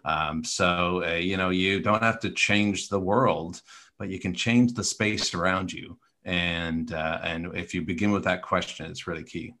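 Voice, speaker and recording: A man's voice: sits low, fairly even intonation, a little slow, bright, forceful tone. A man co-hosting a podcast, talking in an earnest, coaching way with many fillers and restarts. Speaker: podcast co-host. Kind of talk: casual conversational podcast talk.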